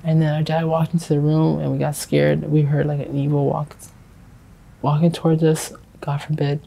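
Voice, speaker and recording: Man, 20s, interviewee: halting, repetitive storytelling, gravelly tone. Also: fairly high pitch, monotone, dark tone, rough recording. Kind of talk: street interview. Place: outdoors on a city street.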